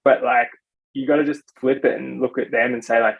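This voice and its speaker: A man's voice: medium pitch, steady tone, brisk, creaky, husky. A young man and podcast guest, talking casually with lots of "like" fillers. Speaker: podcast guest, software developer. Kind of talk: casual chat. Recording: slightly dull lo-fi sound.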